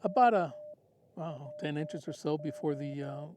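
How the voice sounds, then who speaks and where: A man chatting casually about his ham radio contacts in a relaxed, self-deprecating way, recording outdoors in the desert. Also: on the high side, normal speed, noisy background. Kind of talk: casual outdoor vlog narration.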